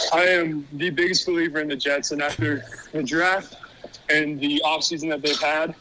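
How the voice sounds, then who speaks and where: A man's voice: fairly high pitch, steady tone, unhurried, bright, forceful tone, slight background noise, low-quality recording. A man calling in to a podcast as a guest, talking in an earnest, good-humored way. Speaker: phone-in guest. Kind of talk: casual conversation.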